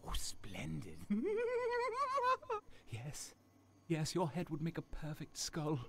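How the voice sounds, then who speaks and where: A gravelly, creeping skull collector. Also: male voice, fairly high pitch, expressive, exaggerated voice. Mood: creepy delight. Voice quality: gravelly, drawn-out.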